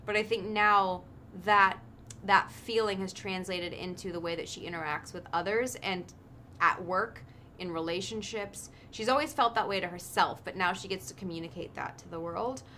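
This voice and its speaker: A woman's voice: mid-range voice, normal speed, bright, forceful tone, a little hiss or hum. A woman in her thirties, an actress chatting in a casual interview, thoughtful and chatty with lots of ums and likes. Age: 30s. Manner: thoughtful, chatty, with frequent um and like fillers. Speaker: actress guest.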